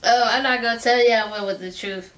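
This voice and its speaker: A young woman vlogger telling a story in a casual, animated way, laughing often and tossing in slangy asides. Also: fairly high pitch, a little fast, slight background noise.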